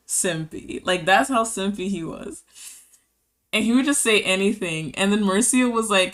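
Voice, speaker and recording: Woman streamer, bright voice, loose chatty delivery, reads chat out, giggly. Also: mid-range voice, moderate pace. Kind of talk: casual live-stream chat.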